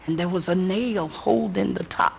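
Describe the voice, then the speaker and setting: A woman storyteller telling a ghost story to a live audience in a slow, dramatic rhythm with long pauses. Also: lowish voice, creaky, a little hiss or hum. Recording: dull lo-fi live recording.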